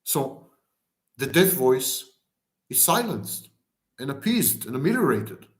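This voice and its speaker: A man's voice: mid-range voice, sing-song, slow. A man giving an explanatory lecture, piling words into long rhythmic lists. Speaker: lecturer on narcissism.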